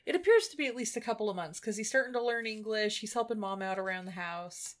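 A woman's voice: mid-range voice, quick pace. A woman co-hosting a casual movie-review podcast, chatty and wry, often laughing at her own jokes. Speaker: podcast co-host.

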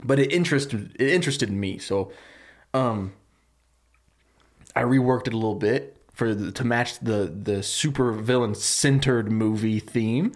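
A man co-hosting a podcast, casually pitching a movie idea, rambling with many fillers and laughing easily. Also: unhurried. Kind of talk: casual chat.

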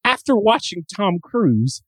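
A man co-hosting a casual pop-culture chat, excitable and acting out quotes with the odd swear word. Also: high-pitched, unhurried, no room sound, low-quality recording. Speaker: podcast co-host.

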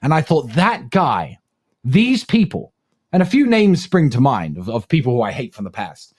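A man's voice: mid-range voice, huge pitch swings, normal speed, darkish tone, slightly rough. Emphatic, scornful man co-hosting. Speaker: podcast co-host. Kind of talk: podcast monologue.

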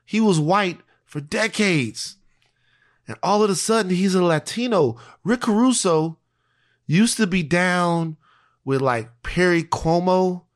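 A man's voice: high voice, expressive, slow. A man co-hosting a podcast, talking earnestly and thinking aloud in casual chat. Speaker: podcast co-host.

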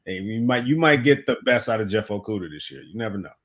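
Bright-voiced man talking sports as a guest. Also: lowish voice, fast. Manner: animated, emphatic storyteller. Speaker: podcast guest. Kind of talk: casual sports chat.

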